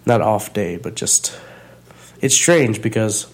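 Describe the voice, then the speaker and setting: A man co-hosting a music chart podcast in a casual, rambling chat, his voice sick and a bit hoarse. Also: fairly low pitch, expressive, slow pace. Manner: rambling, hesitant, jokey. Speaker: podcast co-host.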